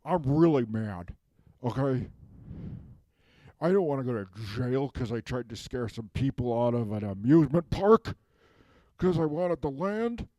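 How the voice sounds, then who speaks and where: A sulky, resentful villain whines that he has been unmasked, as a man acts him out. He rambles, keeps tagging "okay?" onto his complaints, and speaks in a warm, mellow voice in a comedic self-tape monologue. The sound is close and dry. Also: medium pitch, lively intonation, a little slow, long pauses, dry recording, natural voice. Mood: whiny, aggrieved.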